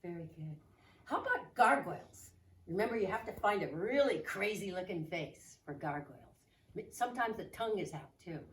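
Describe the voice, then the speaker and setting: Woman, children's yoga teacher, animated sing-song coaxing, echoey room, distant mic. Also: lowish voice, moderate pace, a little hiss or hum. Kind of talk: guided children's movement class.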